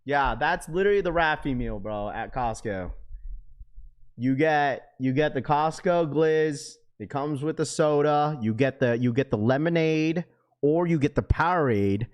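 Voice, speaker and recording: A man's voice: fairly high pitch, a little slow. A young man hosting a live stream who chats loosely and slangily with his viewers and laughs often. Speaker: livestream host. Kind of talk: casual live-stream chat.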